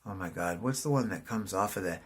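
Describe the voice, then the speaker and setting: Middle-aged man, casual vlogger, animated and profane storyteller. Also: low-pitched, a little fast, slightly rough. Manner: profane, rambling, says "dude" constantly; animated, voice jumps up in excitement.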